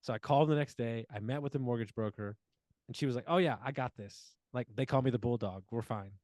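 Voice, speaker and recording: A man's voice: mid-range voice, quick pace, darkish tone, no echo. A man in his forties telling a long personal story as a podcast guest, acting out quoted dialogue with plenty of fillers. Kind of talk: casual storytelling interview.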